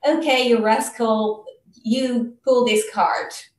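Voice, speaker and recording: Excitable Brahmin man, played by a woman narrator, raised, loud voice, mic distant in a roomy space. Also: fairly high pitch, brisk. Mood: angry. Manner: shouting, then coaxing. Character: excitable, quick-tempered male Brahmin owner.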